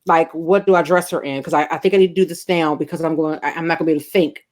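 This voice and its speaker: Rapid-fire and steady in tone, a middle-aged woman with a low voice tells a candid, emotional personal story as a guest co-host in a casual podcast conversation, swearing frequently.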